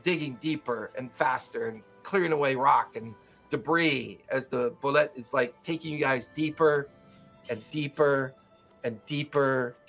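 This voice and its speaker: A man's voice: medium pitch, normal speed, vocal fry, fairly bright tone, soft background music. A man narrating a tabletop game as game master, describing scenes loosely with many fillers.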